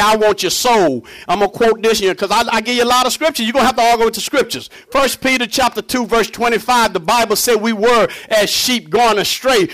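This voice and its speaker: A man preaching a fervent sermon, swinging between booming shouts and low, hushed passages.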